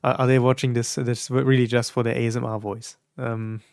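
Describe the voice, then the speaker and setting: A man streaming, reacting to songs in casual, reflective talk with many pauses and fillers. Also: mid-range voice, little pitch movement, creaky, a little mellow, no room sound, clean studio sound. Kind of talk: casual live-stream commentary.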